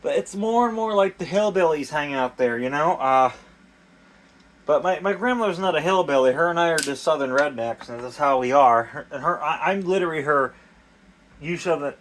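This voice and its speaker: A man's voice: a little high, animated, a little fast, a bit bright, slight background noise. A young man rambling casually and crudely in a vlog, swearing often, talking outdoors in the cold. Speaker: DIY vlogger.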